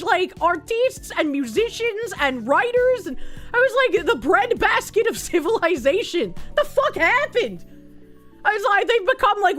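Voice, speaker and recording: A woman's voice: sits high, fairly bright tone. A woman from New England chatting casually on a live stream, reading chat messages aloud. She is brash and profane and laughs often.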